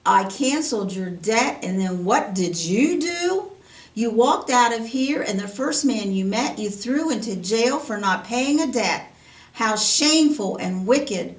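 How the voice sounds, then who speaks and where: A woman voicing a kindly old king who speaks slowly and grandly, heard roomy and from a distance. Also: medium pitch, sing-song. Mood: indignant. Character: kindly old male king, stern when wronged.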